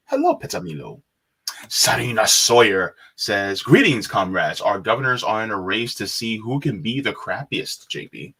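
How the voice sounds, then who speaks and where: A man's voice: on the low side, a bit bright, breathy edge. A man co-hosting a live stream, greeting viewers and reading chat messages aloud with frequent laughs.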